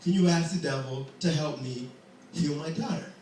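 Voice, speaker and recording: A man's voice: fairly high pitch, moderate pace, a little mellow, slight background noise, lightly acted. Ragged worried father begging for help, man doing him, hesitant, echoey distance. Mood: pleading. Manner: pleading, hesitant. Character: poor worried vagabond father, pleading. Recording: echoey hall from far off.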